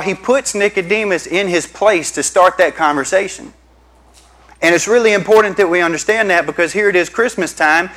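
A man's voice: high voice, fairly bright tone, rough recording. A male pastor, preaching a sermon and telling stories to the congregation. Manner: storytelling, addresses the congregation as y'all.

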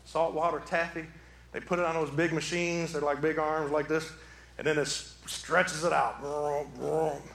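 A man preaching a sermon from the pulpit, animated, swinging from quiet talk to shouting. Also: fairly high pitch, normal speed. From southeastern Michigan. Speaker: pastor. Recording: echoey hall.

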